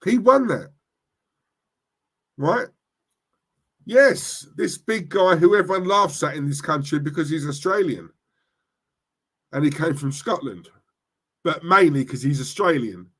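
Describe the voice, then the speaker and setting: A man who hosts a football fan channel, ranting on a livestream and reading chat comments, forceful and impassioned, often checking in with "right?". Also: a little high, lively intonation, measured pace, pauses often. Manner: impassioned, repeats "right?" to the audience.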